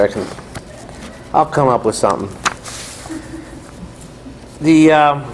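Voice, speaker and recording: A man's voice: medium pitch, a little hiss or hum. A man giving a conversational, joking after-dinner lecture as guest speaker in a large hall.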